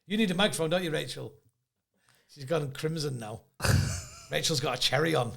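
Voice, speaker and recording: A man in his fifties hosting a podcast, chatty and quick to laugh as he tells stories. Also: on the high side, creaky, fairly bright tone. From England. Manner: chatty storyteller, laughs often. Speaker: podcast host. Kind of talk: casual chat.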